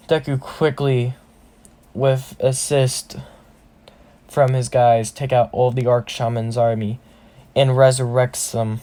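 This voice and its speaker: A man's voice: mid-range voice, flat delivery, slow pace, pauses often, warm tone. A man casually narrating a fan-fiction story, rambling and often correcting himself.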